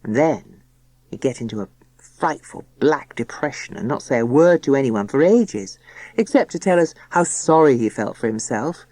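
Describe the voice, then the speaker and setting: Woman narrator, low voice with lively swings, confiding first-person audiobook reading, dry close studio sound. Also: moderate pace, dry recording. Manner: chatty, gossipy and confiding. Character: young engaged daughter confiding to her mother.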